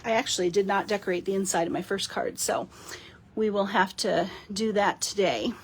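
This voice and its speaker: A woman's voice: mid-range voice, normal speed, breathy edge. A woman hosting a casual live card-making demo, chatting and giggling with her viewers as she works.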